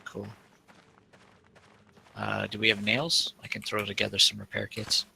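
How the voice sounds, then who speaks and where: A man's voice: lowish voice, monotone, unhurried, gravelly, sharp tone, slight background noise, rough recording. A Canadian man chatting casually with friends on voice chat while playing a game, laid-back and joking. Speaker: game player.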